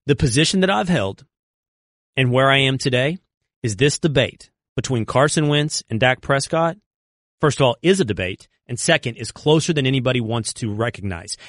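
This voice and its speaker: A man hosting a sports talk radio show, arguing in an animated, sarcastic and combative way. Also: mid-range voice, normal speed, no echo, studio quality.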